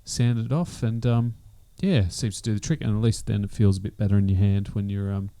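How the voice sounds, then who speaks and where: Dark-voiced man explaining calmly. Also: on the low side, dry recording. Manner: measured, explanatory, practical. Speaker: podcast co-host. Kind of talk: casual podcast chat.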